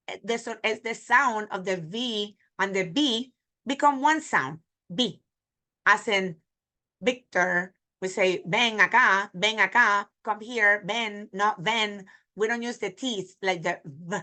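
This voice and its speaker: Bright-voiced teacher, woman. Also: mid-range voice. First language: Spanish. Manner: repeats phrases slowly for learners. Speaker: Spanish teacher. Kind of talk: pronunciation lesson.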